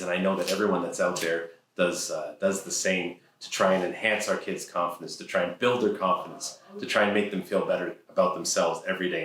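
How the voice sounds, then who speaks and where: Dry-humored man, deep voice. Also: fairly bright tone. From Ontario, Canada. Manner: dry, self-deprecating delivery. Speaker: comic storyteller. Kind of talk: humorous personal monologue. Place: event hall. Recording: echoey hall, mic far off.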